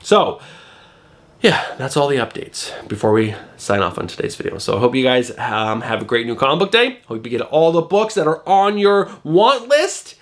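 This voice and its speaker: A man's voice: mid-range voice, animated, moderate pace, a bit bright. A middle-aged man hosting a comic book channel, sounding nasal from a cold, chatting in a rambling way with lots of fillers. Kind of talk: casual video review.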